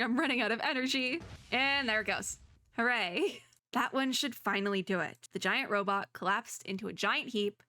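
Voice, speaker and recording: Bright, chatty young-sounding woman streamer. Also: on the high side. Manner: chatty, giggly, reads story text aloud. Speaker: gaming streamer. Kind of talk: casual gameplay commentary.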